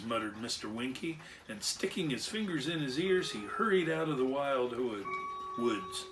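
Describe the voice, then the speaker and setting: A man's voice: medium pitch, animated, normal speed, distant mic, over music. A man reading a children's story aloud with expression, acting out animal and machine sounds along the way. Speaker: storyteller and clockmaker.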